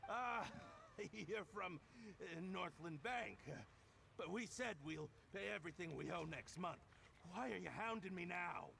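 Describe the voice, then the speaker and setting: A man's voice: high voice, a little slow, creaky, pushed and bright, a little hiss or hum, exaggerated voice. A man voicing a nervous, indebted townsman in a video game, flustered and defensive. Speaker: game character.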